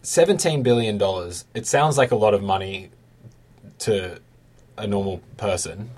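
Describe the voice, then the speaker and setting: A man's voice: lowish voice, normal speed, a little mellow, slightly rough. A man interviewing a guest, asking probing questions and stacking several at once.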